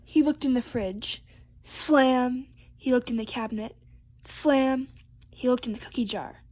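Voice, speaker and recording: A woman reading a picture book aloud to children, expressive and playful with the sound words. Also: on the high side, brisk, husky. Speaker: storytime reader.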